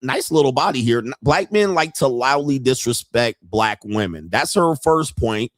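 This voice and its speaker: A man's voice: mid-range voice, lively intonation, moderate pace, no room sound, studio quality. A man hosting a reaction video, giving brash, crude commentary and mocking the people he watches. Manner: brash, laughing, mock-quoting others.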